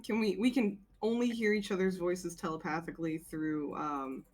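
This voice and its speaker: A woman's voice: fairly low pitch, fairly even intonation, moderate pace, crowd noise. A woman playing in a tabletop game, rambling through her ideas with frequent giggles. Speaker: player. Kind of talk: casual tabletop play.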